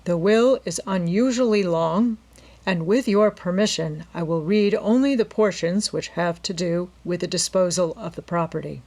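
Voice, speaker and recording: A woman voicing a calm, courteous middle-aged male lawyer with a polite, measured manner in a storybook reading. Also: lowish voice.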